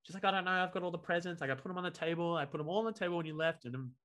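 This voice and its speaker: A quick, rapid-fire man with a fairly high voice, guesting on a podcast as a comedian. He tells his story in an animated way and slips into the voices of the people he quotes.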